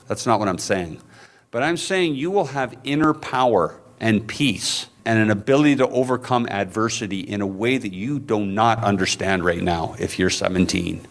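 A man preaching a sermon to his congregation, impassioned, climbing to high emphatic peaks and dropping low and soft, with conversational asides to the people in front of him. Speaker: pastor.

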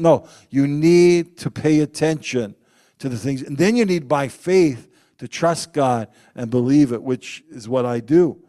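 A man preaching a sermon, telling personal stories in an animated way and acting out the quotes loudly. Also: mid-range voice, measured pace.

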